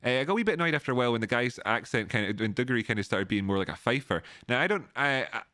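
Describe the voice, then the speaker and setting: This Scottish livestream host, speaking with an Edinburgh accent, races along animatedly in a pushed, bright mid-range voice. He rambles and restarts often while thanking viewers and reading donor messages. The recording is dry and studio-clean.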